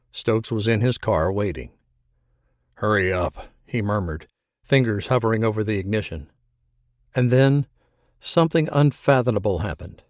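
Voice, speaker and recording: A man narrating an audiobook in a measured, even storytelling manner. His voice sits at a middle pitch. The recording is dry and close, with no room sound. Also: dry recording. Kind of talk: scripted narration.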